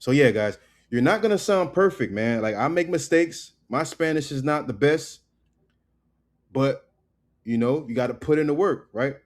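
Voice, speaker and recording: A man teaching a casual online language lesson. He drills words slowly and keeps checking in with "right?" and "okay?". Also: medium pitch, animated.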